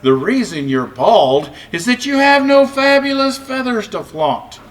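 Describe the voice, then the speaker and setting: A man's voice: very high-pitched, sing-song, unhurried, distant mic, voice pushed up, exaggerated voice. A man voicing a proud, strutting rooster in a storybook, speaking grandly and crowing.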